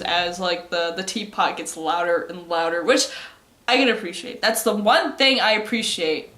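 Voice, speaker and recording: A woman's voice: fairly low pitch, normal speed, a bit bright, roomy sound. A young woman casually recapping an anime plot, rambling and giggly, with lots of fillers. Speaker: anime vlogger.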